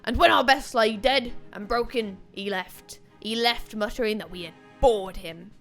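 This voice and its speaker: A woman reading aloud a grim male soldier's account of a lost war from a game, in her own voice with halting pauses. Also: fairly high pitch, a bit bright, faint music behind. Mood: grave.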